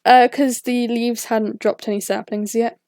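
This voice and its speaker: A young woman from the English Midlands with a Midlands accent, chatting casually while gaming, her th sounds softened. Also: on the high side, little pitch movement, unhurried, no room sound. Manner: soft-edged th sounds, chatty and easygoing. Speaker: gaming channel host. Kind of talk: casual chat while playing.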